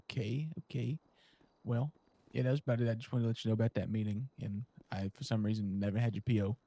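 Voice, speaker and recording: A man's voice: lowish voice, steady tone, quick pace, dark tone, no echo. Casual man with a dry, close voice. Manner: casual, filler-heavy. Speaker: town official in a role-play. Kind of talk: in-character game role-play chat.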